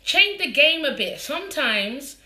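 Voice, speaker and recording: Woman with a London accent, bright voice, chatty host, echoey living room. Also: high voice, big pitch swings, a little slow. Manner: chatty and bubbly, laughs often. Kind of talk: casual live interview.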